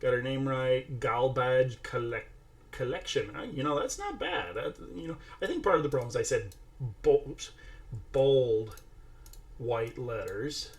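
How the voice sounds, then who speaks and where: Man with a bit of fry in his voice, chatting thru a tutorial step by step, talks to his toddler too. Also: medium pitch, animated, moderate pace. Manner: chatty, narrating each step while talking to a toddler. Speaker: AI art tutorial host. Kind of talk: casual screen-share tutorial.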